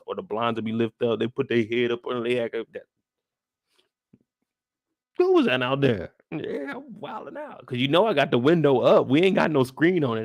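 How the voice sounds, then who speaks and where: Man, show host, profane animated storytelling, sound effects, mid-pitched voice, dry close sound. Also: dry recording. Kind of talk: live after-show recap.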